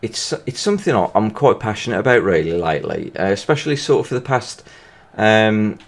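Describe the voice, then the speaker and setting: Low-voiced stuffy man rambling. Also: big pitch swings, fairly quick. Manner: rambling and hesitant, full of restarts. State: stuffy-nosed from hay fever. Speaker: gaming video creator. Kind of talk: casual commentary while playing a football video game.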